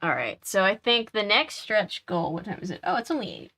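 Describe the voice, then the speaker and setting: A woman's voice: medium pitch, big pitch swings, fairly quick, pushed and bright. A woman hosting a live game stream, chatting casually, laughing often and answering her chat aloud.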